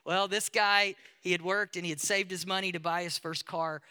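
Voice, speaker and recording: Bright-voiced preaching man. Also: sits high, steady tone, smooth. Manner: storytelling, halting restarts, building emphasis. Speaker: pastor. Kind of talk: sermon.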